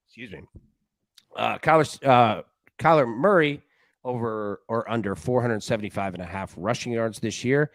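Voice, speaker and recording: A man hosting a sports betting show in casual chat, an animated, rambling storyteller who often restarts his sentences. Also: mid-range voice, normal speed, no echo. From Tennessee.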